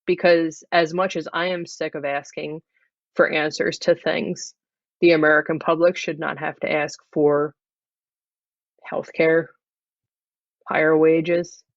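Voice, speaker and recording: A performer stays in character for an improvised interview, talking flat and deadpan at a middle pitch. The video call audio is dull and lo-fi, with a dry sound and no room echo. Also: unhurried, gravelly, pauses often. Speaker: improv comedy guest.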